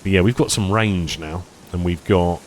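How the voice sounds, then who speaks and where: A man with a notably low, deep voice talks his way through a survival game for his stream viewers. He rambles casually, jokes at his own expense and chats to his audience. A faint hiss of noise sits behind him. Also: moderate pace. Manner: chatty, self-deprecating, talks to chat. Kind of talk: casual gameplay commentary.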